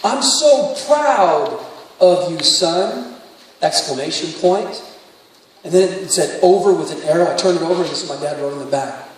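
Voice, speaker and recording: A man's voice: a little high, steady tone, fast talker, a little mellow. A man preaching a sermon, telling stories and then rising into fervent exhortation. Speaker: pastor. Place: large church sanctuary. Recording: distant echoey hall, faint room noise.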